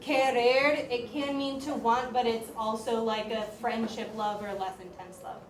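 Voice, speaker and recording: High-voiced teacher in an echoey classroom. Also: female voice, a little slow. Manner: lively, chatty, uses "like" often. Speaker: high school Spanish teacher. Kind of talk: classroom grammar lesson. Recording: echoey classroom, voice far from mic, faint room noise.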